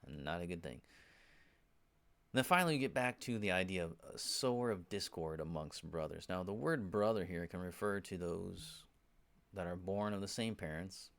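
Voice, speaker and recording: A man's voice: low-pitched, moderate pace, creaky, fairly bright tone. A man giving an informal Bible teaching, often checking in with "right?" and "you know", and turning emphatic when he urges his listeners. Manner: grows emphatic when exhorting.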